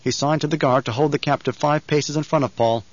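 A man narrating an audiobook in a steady, deliberate way. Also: on the high side, dry recording, muffled recording. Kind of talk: scripted narration.

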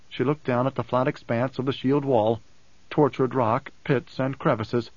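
A man narrating a novel in a steady, even storytelling manner. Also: medium pitch, normal speed, dry recording, lo-fi sound. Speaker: audiobook narrator. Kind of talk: scripted narration.

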